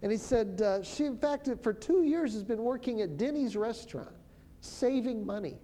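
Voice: medium pitch, animated, mellow. Conversational minister telling a testimony. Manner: conversational, halting with restarts. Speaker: minister who prophesies over people. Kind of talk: storytelling testimony.

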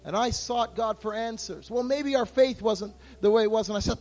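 A man preaching a sermon to his church, his voice moving between hushed, intimate passages and loud, impassioned outbursts. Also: high voice, moderate pace, hardly any pauses, soft background music. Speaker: pastor.

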